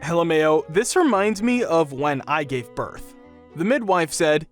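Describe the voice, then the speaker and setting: A man narrating a string of funny anecdotes in an even, read-aloud storytelling way. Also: on the high side, a little slow, soft background music. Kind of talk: reading online anecdotes aloud.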